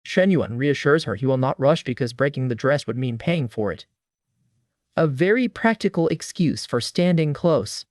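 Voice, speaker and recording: A man's voice: medium pitch, expressive, moderate pace, a little mellow, no room sound, studio quality. A man narrating a comic recap in a scripted, wry storytelling manner.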